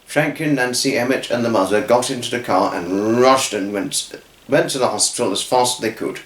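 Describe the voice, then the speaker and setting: A man telling a children's story off the cuff, halting and restarting his words. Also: mid-range voice, echoey room. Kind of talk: improvised storytelling.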